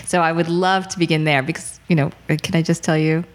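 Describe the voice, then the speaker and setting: A woman's voice: low-pitched, steady tone, a little fast, a little hiss or hum. A woman hosting a podcast as a script consultant, chatty and laughing easily. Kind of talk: casual podcast chat.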